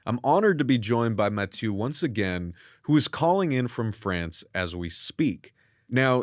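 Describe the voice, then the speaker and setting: A man hosting an interview from a studio, reading an earnest introduction and then asking measured questions. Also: medium pitch, no room sound. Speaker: interview host. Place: radio studio.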